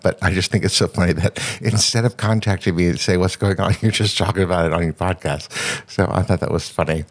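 A man hosting his own podcast, talking alone in a rambling, chatty way and laughing often. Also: deep voice. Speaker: podcast host. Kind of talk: casual solo podcast chat.

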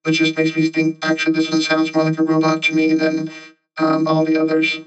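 A small robot, totally monotone and somewhat high. The sound is dull and lo-fi, with synth music behind it. It comments in an offhand way. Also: male voice, fairly quick. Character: small flat-toned robot. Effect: small robot voice filter.

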